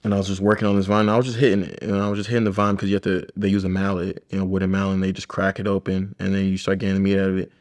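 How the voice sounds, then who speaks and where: A man with a very low voice and a flat, even delivery. He talks loosely and reflectively, rambling through stories in a relaxed conversation. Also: very fast, few pauses. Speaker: chiropractor. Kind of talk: casual podcast conversation.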